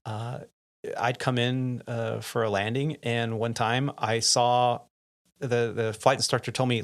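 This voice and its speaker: A man's voice: mid-range voice, a little slow. A middle-aged man with a mid-range voice chats casually on a podcast. He tells stories from his flying career and acts out other people's lines. He laughs often as he goes. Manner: animated anecdotes, laughs often, acts out quotes. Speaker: podcast host and airline pilot. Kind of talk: casual chat, storytelling.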